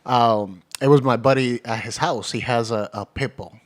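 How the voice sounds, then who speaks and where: A man's voice: medium pitch, moderate pace. A man co-hosting a podcast, telling a friend's story in casual chat with fillers and laughs. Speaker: podcast co-host.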